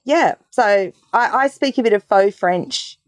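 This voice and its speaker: A woman's voice: fairly high pitch, animated, unhurried, no room sound. A woman with an Australian accent, a regenerative farmer and author, chatting casually as a guest and joking as she talks. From Tasmania, Australia. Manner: jokey, laughing often. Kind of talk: casual chat.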